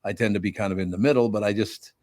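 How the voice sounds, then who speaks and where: A man's voice: on the low side, fairly even intonation, fast talker, darkish tone, no echo, studio quality. An older man hosting a radio talk show, chatting casually and candidly, often correcting himself. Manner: rambling, candid, self-correcting.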